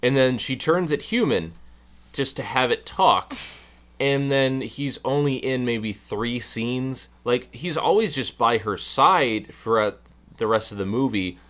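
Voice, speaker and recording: A man's voice: mid-range voice, expressive, unhurried, a bit bright. A man co-hosting a casual film review chat, talking with hesitant, stammering restarts. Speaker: podcast co-host.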